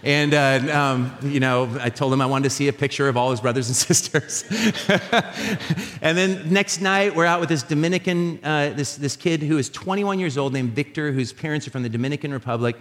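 A man preaching a sermon as a pastor, telling animated, jokey stories with many restarts. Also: on the high side, normal speed. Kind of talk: sermon with storytelling. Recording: live sermon in a reverberant hall.

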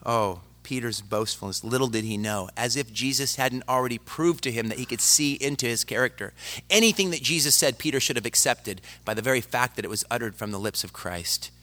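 A male preacher delivering a dramatic sermon that swings from loud to hushed and speaks straight to the congregation. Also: medium pitch, fairly quick. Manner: addresses the congregation directly.

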